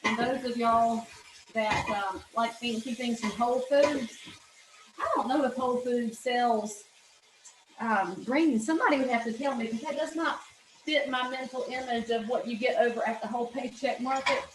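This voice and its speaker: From her home kitchen, a woman with a Southern US accent runs a cooking channel, talking through a recipe in a chatty, folksy, opinionated way and saying "y'all." Her voice is a little high with fairly even intonation at a normal pace, recorded in a roomy space with a noisy background.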